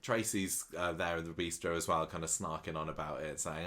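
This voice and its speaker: A man with an English accent talks casually on a podcast and recaps soap episodes with relish. His voice sits low. He slips into the characters' lines as he goes. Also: fairly quick. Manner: lively storyteller, acts out quoted lines. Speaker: podcast co-host.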